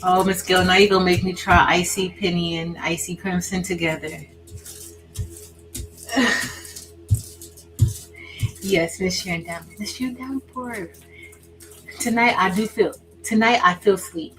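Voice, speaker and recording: A woman hosting a craft livestream, chatting casually with viewers by name while she works, swinging from excited exclaiming to quiet asides. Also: fairly low pitch, a little slow, pauses often, soft background music, poor audio. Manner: chatty, answers viewers by name, says y'all; drifts between excited exclaiming and soft asides.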